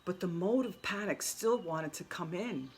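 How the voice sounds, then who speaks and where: A woman's voice: fairly low pitch, expressive, moderate pace, a little mellow, a little hiss or hum. A woman telling an earnest personal story in a casual vlog, often repeating and restarting her words. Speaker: spiritual vlogger.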